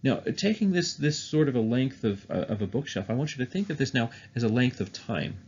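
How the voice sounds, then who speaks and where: A man's voice: medium pitch, expressive, fairly quick, darkish tone, lo-fi sound, a little hiss or hum. A man teaching music theory in a recorded online lesson, explaining step by step with frequent "uh" and "um" fillers.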